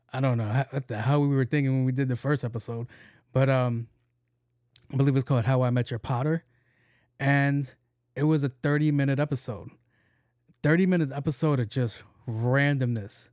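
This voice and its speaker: Profane ranting podcast host, mellow voice. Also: male voice, medium pitch, moderate pace, dry recording, studio quality. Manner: profane, animated ranting with laughs. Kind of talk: casual solo podcast rant.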